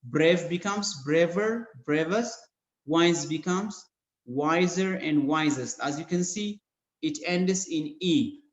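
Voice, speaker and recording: A man with an Ethiopian accent teaches grammar over a video call, taking his time and spelling out letters. His voice sits a little high for a man. The audio is dull and echoey, like a call from a bare room. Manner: slow, methodical explanation, spelling out letters. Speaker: English teacher. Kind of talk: online grammar lesson.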